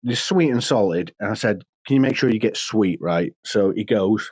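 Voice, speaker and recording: A man co-hosting a casual podcast, an animated storyteller who laughs often and slips into impressions. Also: fairly low pitch, normal speed, slightly rough, no room sound. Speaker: podcast co-host. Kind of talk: casual chat.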